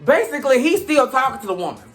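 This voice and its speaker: A man hosting a reality TV recap, sassy and profane, swinging between loud outbursts and low mutters. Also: sing-song, quick pace, faint music behind. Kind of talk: casual recap rant.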